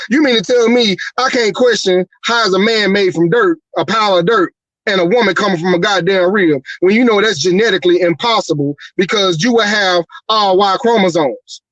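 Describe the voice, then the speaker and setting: A man's voice: high-pitched, fairly bright tone, no echo, poor audio. A man hosting a livestream talk show, ranting with profane, heated rhetorical questions. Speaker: show host.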